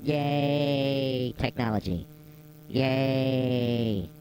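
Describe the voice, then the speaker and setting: A man at home playing a goofy jokester through a voice-changer pitch shift, in playful, self-amused live-stream banter. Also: fairly even intonation, drawn-out words, a little mellow, slight background noise, rough recording. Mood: joking.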